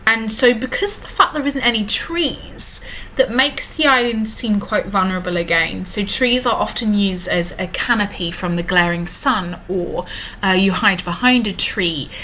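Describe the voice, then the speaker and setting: A woman teacher in a recorded lesson who explains a poem step by step, often pausing on fillers and reading lines out slowly. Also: medium pitch, bright, forceful tone, slight background noise.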